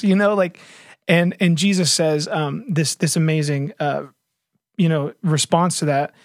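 Man, slightly high voice, earnest animated storyteller, casual faith chat, dry close mic. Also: normal speed, dry recording. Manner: earnest, animated storytelling with many fillers and restarts.

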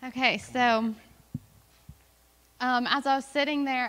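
A woman's voice: high-pitched, steady tone, takes it slowly, a bit bright, long reverb tail. A woman missionary giving an earnest, emotional testimony to a church, talking in a chatty way with fillers. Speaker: missionary guest speaker.

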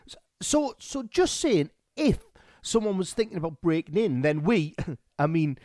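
A man's voice: sits high, very animated, unhurried, warm tone, no echo, studio quality. A man playing a skinny, teasing drinking pal in a comedy audio play. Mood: cheeky. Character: skinny British drinking pal, easily tempted. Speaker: pub regular.

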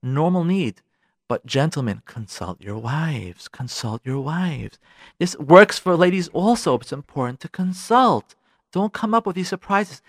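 A man's voice: a little high, a little slow, no echo, clean studio sound. A man hosting a radio advice show. He lectures on marriage in a preachy way and keeps acting out little scenes. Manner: animated, preachy, acts out scenes. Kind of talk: relationship advice talk.

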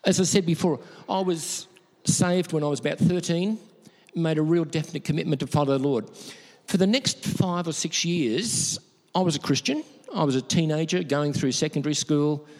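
An Australian man preaching in a church hall, his voice sitting fairly high for a man. He tells personal stories earnestly and doubles words for emphasis. A long reverb trails every phrase. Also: moderate pace, darkish tone. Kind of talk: conversational sermon with personal stories.

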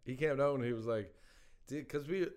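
A man's voice: mid-range voice, brisk, a little mellow. A man, a comedian and podcast host, telling rambling stories in casual chat and laughing often. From Ireland.

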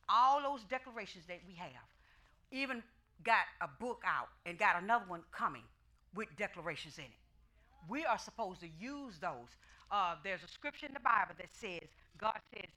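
A woman's voice: medium pitch, expressive, normal speed, bright, forceful tone. A woman pastor preaching a fervent, emphatic sermon with folksy, conversational asides to her congregation.

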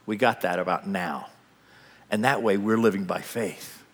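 A man preaching a sermon in a dramatic, animated way, acting out the scene as he goes. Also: lowish voice, measured pace, big-room sound. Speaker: pastor.

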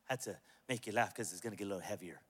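A male pastor preaching a sermon to a large church, impassioned and humorous, building up to shouts. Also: lowish voice, very fast, breathy edge. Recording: long hall reverb.

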